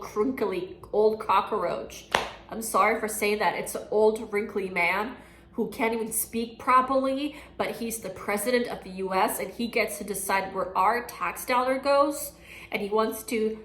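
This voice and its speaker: A woman's voice: mid-range voice, a bit bright. Candid woman vlogging in an echoey room. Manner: candid and outspoken, emotional. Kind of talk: personal year-recap monologue. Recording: echoey room with music underneath.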